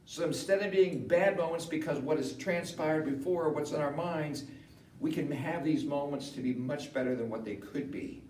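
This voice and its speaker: Male pastor, funeral sermon, conversational and building; deeper voice, distant roomy recording with faint hiss. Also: normal speed. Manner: conversational, rises to animated emphasis. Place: funeral home chapel. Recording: echoey room from far off, faint hiss.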